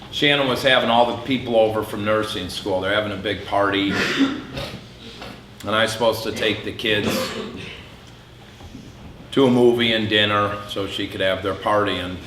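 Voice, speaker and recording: A middle-aged man giving a candid personal testimony speech at an event, telling a hard story with flashes of dark humor. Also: lowish voice, steady tone, moderate pace, pauses often, noisy background. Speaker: public speaker. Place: event hall. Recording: echoey hall with faint ambience.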